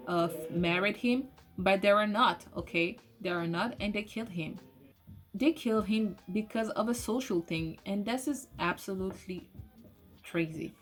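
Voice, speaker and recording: A woman giving a casual, excitable spoken movie review, swearing often and restarting her sentences. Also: lowish voice. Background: soft lofi music.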